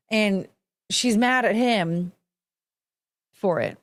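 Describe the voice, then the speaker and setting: A woman hosts her own podcast, reacting to video clips with blunt, profane commentary. She slips into mocking impressions of the people she watches. Her voice sits a little high. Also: moderate pace, pauses often. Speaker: podcast host.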